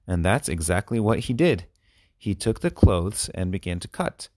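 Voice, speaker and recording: A man reading short children's stories aloud with clear, expressive storytelling. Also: deep voice, moderate pace. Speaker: narrator.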